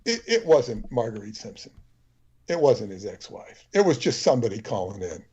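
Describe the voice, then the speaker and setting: Husky-voiced man telling a rambling story. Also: fairly low pitch, animated, normal speed, mellow, highs cut off. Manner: digressive, opinionated storytelling. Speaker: livestream co-host. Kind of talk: rambling anecdotal chat.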